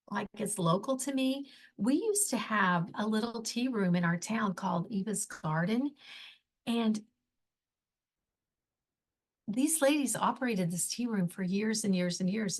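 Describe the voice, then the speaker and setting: A woman hosts her own podcast and tells stories at an unhurried, easy pace. She talks in a chatty, enthusiastic way and slips in gushing little asides. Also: medium pitch. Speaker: podcast host. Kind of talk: casual solo podcast storytelling.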